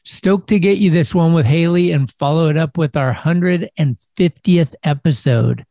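A man's voice: on the high side, moderate pace, vocal fry, warm tone, dry recording. A man hosting a podcast in a laid-back, casual way, full of skater slang and swearing. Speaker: podcast host. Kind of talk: casual chat.

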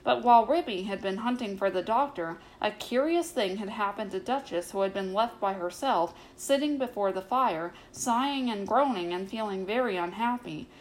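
A woman reading a bedtime story aloud as narrator, calm and measured. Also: mid-range voice, poor audio.

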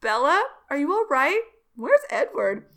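Concerned young gal friend asking if ur ok, read by a woman, bright. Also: high-pitched, very animated, measured pace, voice pushed up, heavily acted. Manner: worried questioning.

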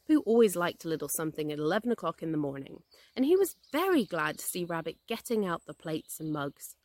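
Expressive woman reading a storybook. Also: lowish voice, a little fast, no echo. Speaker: podcast host and English teacher. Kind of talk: reading a children's story aloud.

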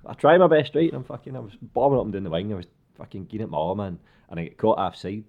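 A man's voice: lowish voice, very fast, gravelly, phone-quality sound. A man with a Glaswegian accent, chatting as a guest and telling stories animatedly, swearing and laughing often. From Glasgow, Scotland. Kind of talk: casual chat.

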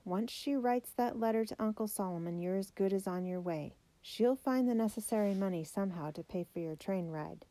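A woman voicing a tender, worried young mother in a storybook reading, speaking gently and pleadingly. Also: mid-range voice, moderate pace, few pauses, natural voice.

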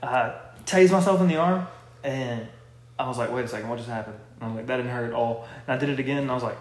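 A man telling quick, animated, profane anecdotes in casual chat. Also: medium pitch. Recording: echoey room.

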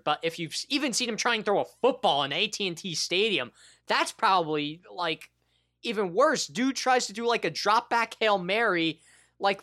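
Male podcast co-host, casual sports banter, animated, laughs a lot. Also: on the high side.

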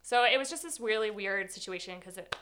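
A woman's voice: medium pitch, brisk, fairly bright tone, slight background noise. A young woman telling a personal story in an interview, candid and rambling, full of fillers.

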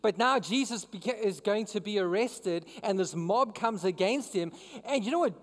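A male pastor preaches in a loose, conversational way, often turning questions back to the congregation. His voice sits high for a man. It carries a long reverb, as if in a big hall. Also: expressive, moderate pace. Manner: conversational, asks the crowd questions. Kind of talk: sermon.

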